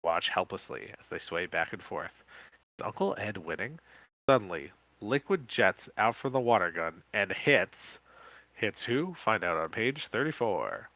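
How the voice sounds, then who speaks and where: A man co-hosting a podcast, reading an interactive horror book aloud live with quick self-corrections. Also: lowish voice, very animated, bright, forceful tone, no echo. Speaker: podcast co-host.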